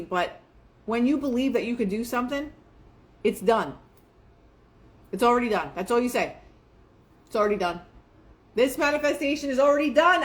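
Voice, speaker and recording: Woman, young adult, casual motivational host, chatty, fillers, acts out quotes, mid pitch. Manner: chatty, filler-heavy, quotes herself and others in lively asides. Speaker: manifestation show host.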